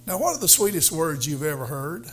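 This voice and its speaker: A male pastor preaching a sermon, halting with fillers, then building to fervent emphasis. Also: a little high, sing-song, fairly bright tone, a little hiss or hum.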